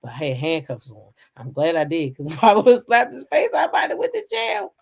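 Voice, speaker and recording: A middle-aged woman with a low speaking voice tells a personal story straight to her viewers. Her pitch leaps and dives as she drops to hushed asides, then bursts out loud, swearing freely. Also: brisk, gravelly, breathy edge. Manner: animated, profane, swings from hushed to loud outbursts. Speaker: storyteller recounting a police raid.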